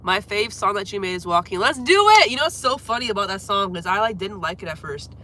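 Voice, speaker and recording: In a mid-range voice that's quick, bright, and forceful, a young woman streams from her home. The livestreamer and singer keeps the chat casual, though her cold leaves her stuffed up and coughing, and she apologizes as she goes.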